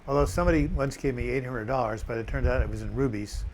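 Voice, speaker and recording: A man's voice: medium pitch, quick pace, slight background noise, rough recording. An older man hosting a live chat, reading out viewer comments with joking asides.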